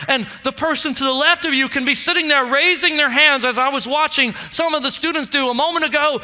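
A man preaching a sermon with passion, dropping to a hushed voice when he tells a story. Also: extremely high pitch. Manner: impassioned preaching, drops to hushed tones for storytelling. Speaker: pastor.

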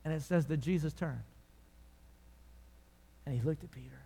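A man preaching a sermon in a church, telling the story dramatically and dropping from loud to hushed. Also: on the high side, normal speed, gravelly, slightly rough. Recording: long reverb of a large hall.

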